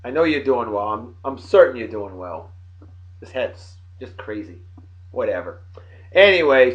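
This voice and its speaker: A man, rambling and folksy as he gives birthday shout-outs to old friends. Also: medium pitch, lively intonation, a little slow. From Martha's Vineyard, Massachusetts. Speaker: vlogger, beer and song of the day host. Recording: dull lo-fi home recording.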